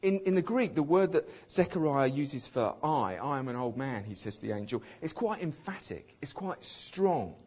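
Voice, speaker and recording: A man delivers a sermon in a chatty, emphatic way, now and then acting out the people he quotes with light humour. His voice sits fairly high and rises and falls a lot. It has a husky, slightly breathy grain. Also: sing-song, normal speed, hardly any pauses, a little mellow. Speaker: preacher.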